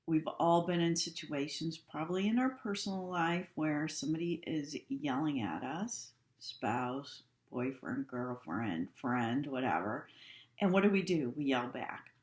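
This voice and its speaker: A woman with a low voice gives a calm training talk at an unhurried pace and stresses each rule twice. The recording is echoey, as if made in a bare room. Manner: calm, instructive, repeats key points. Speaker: healthcare trainer.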